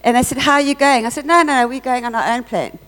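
A woman giving an earnest testimony at church, telling her story with lively reported dialogue. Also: high-pitched, fast, smooth. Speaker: church speaker sharing a testimony. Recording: long hall reverb.

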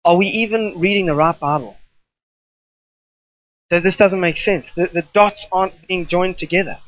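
Speaking at normal speed in a mid-range voice, an emphatic preacher leans on repeated phrases and drifts into improvised asides during the sermon. No room sound comes through in this dry recording, which sounds slightly muffled and dull.

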